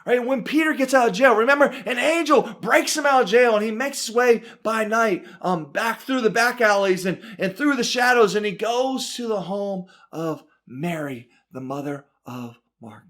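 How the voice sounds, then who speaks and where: A man's voice: sits high, moderate pace, few pauses. A man teaching a Bible study from the pulpit, reading scripture with dramatic emphasis and constantly checking in with "right?". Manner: animated, keeps adding "right?", reads scripture with dramatic emphasis. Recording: church broadcast.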